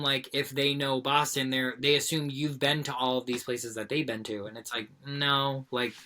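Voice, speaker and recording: A woman from Central Massachusetts co-hosting a casual podcast, acting out exasperated quotes. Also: a bass voice. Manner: animated, acts out exasperated quotes. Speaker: podcast co-host. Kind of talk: casual chat.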